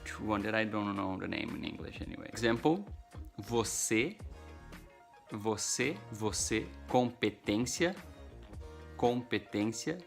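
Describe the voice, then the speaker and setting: A man from Brazil with a Brazilian Portuguese accent, teaching pronunciation in English and repeating each example word several times. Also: medium pitch. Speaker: language teacher. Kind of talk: pronunciation lesson.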